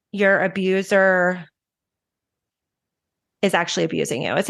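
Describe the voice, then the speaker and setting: A woman's voice: mid-range voice, gravelly. Frank woman telling her recovery story. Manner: frank, emotional, fast bursts with restarts. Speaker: guest, recovery advocate. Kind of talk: candid personal storytelling.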